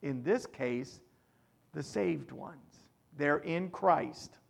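A man delivers a sermon at an unhurried pace. His voice sits high and carries a gravelly rasp. He builds to forceful peaks when he reads scripture, then drops to quiet, conversational asides. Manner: preaching with strong swings between loud emphasis and quiet asides. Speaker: pastor.

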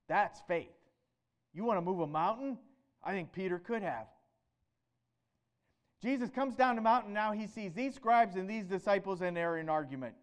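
A male preacher with a high voice delivers a sermon in an animated way. He fires off rhetorical questions and swings between loud, emphatic bursts and quieter, lower stretches. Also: unhurried.

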